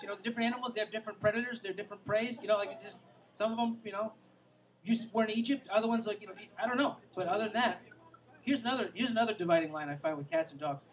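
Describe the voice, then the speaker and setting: A man's voice: very high-pitched, a bit bright, far from the mic, low-quality recording. A man doing a stand-up comedy set outdoors by the water, rambling and self-mocking, drifting into asides and tripping over his own words. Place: outdoor show near the water.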